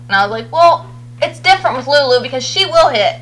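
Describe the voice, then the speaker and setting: A woman's voice: high voice, lively intonation, a little fast, a bit bright, low-quality recording. A woman chatting casually as a podcast guest, acting out the quotes in her stories with animation. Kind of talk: casual chat.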